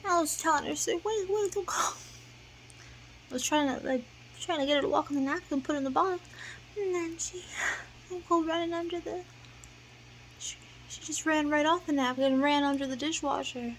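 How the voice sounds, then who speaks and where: A woman's voice: high-pitched, steady tone, brisk, a little hiss or hum, rough recording. A woman telling a rambling, emotional story in a casual vlog, sometimes drifting into half-whispered singing. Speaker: vlogger.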